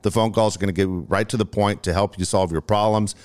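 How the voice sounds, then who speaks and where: A man's voice: fairly low pitch, fairly even intonation, fast talker, darkish tone. A man co-hosting a radio show, doing upbeat sponsor reads and repeating phone numbers.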